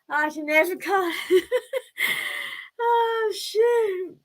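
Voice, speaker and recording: A woman chats casually on a live stream, rambling from one thing to the next and answering viewers' comments. Her voice sits fairly high, and she takes her time with each phrase. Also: slow, long pauses, a bit bright. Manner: rambling and chatty, answering the chat. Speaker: livestreamer chatting with viewers.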